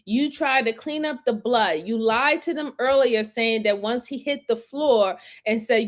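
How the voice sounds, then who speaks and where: A woman's voice: high-pitched, unhurried. A woman hosting a crime commentary stream, emphatically lecturing and repeating her points, and laughing along with her chat. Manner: breaks into loud laughter with chat. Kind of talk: live-stream reaction commentary.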